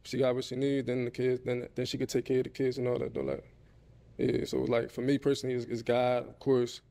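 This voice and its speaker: A man on a dating show talks in a low, slightly mumbled voice. He is laid-back and casual, and he is from Philadelphia. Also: fairly quick, creaky, warm tone. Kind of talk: casual conversation.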